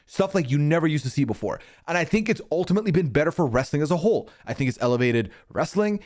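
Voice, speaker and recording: A man streaming casual commentary, rambling and swearing freely, pitch jumping up when he gets worked up. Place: hot indoor room.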